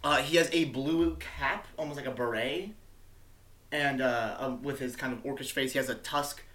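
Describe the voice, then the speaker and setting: A man's voice: medium pitch, moderate pace, a bit bright. Casual male game master, swears a lot. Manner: casual, swearing, filler-heavy. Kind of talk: narrating a tabletop game.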